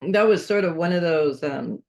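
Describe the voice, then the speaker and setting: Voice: medium pitch, moderate pace, vocal fry, a little mellow. An astrologer giving a casual, unscripted weekly horoscope, chatting and thinking aloud while offering earnest advice.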